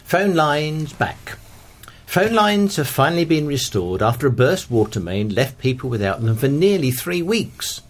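A man reading local newspaper stories aloud in a measured, careful way. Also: fairly high pitch, big pitch swings. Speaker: volunteer news reader.

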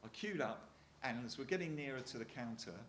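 An older man with a Hampshire accent tells stories to a live audience in a chatty, easygoing way, stumbling over restarts and letting out small chuckles. His voice sits at an ordinary middle pitch. It carries around a roomy hall over a faint murmur of ambience. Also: animated, brisk, a bit bright, slight background noise. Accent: Hampshire English. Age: 60s. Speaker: retired Royal Marine speaker. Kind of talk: anecdotal talk to an audience.

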